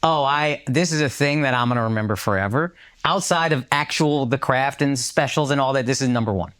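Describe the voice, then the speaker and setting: A man's voice: mid-range voice, fairly quick, fairly bright tone, clean tone. A man co-hosting a podcast, telling a story in casual chat, acting out the voices of people he quotes and swearing freely. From United States. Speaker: podcast co-host.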